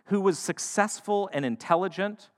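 A man preaching a sermon, shifting between loud emphatic lines and hushed, quiet ones. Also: sits high, normal speed. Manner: dynamic, swings from loud to hushed. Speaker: pastor. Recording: long hall reverb.

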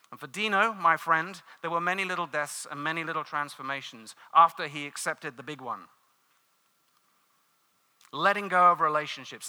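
A man's voice: a little high, bright, forceful tone. A man preaching a sermon, earnest and emphatic, telling a story with dramatic flair and repeated phrases.

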